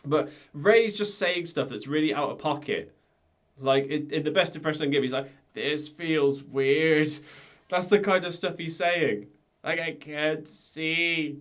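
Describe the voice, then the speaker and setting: A man's voice: on the high side, expressive, normal speed. Male podcast co-host, casual, explanatory. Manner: chatty, explains things step by step. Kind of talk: casual chat.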